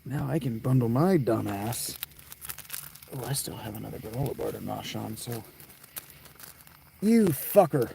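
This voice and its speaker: A man's voice: on the low side, normal speed, creaky, dark tone, slight background noise. A man giving casual, rambling gaming commentary, cursing often and talking to himself. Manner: profane, rambling, talks to himself. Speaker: let's play streamer. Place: tent. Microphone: clip-on mic.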